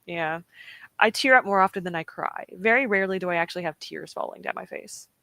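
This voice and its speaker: A woman's voice: on the low side, brisk, vocal fry, pushed and bright, no room sound. Chatty young woman on a stream. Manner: chatty, giggly, reads out chat comments. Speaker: livestream host. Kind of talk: casual chat with viewers.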